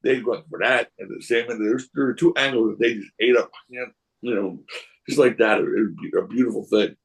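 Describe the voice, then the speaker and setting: Male podcast guest, mid-pitched storyteller: rambling, animated, acts out the dialogue. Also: a little fast, creaky, low-quality recording. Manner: animated, acts out voices in his anecdotes; rambling, many restarts. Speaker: wrestling promoter guest. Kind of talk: casual storytelling.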